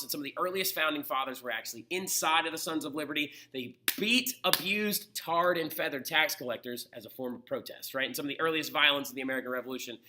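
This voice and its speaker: Young male history teacher, high and bright, chatty and animated lecture. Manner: animated and conversational, acts out quotes, says "right?" often.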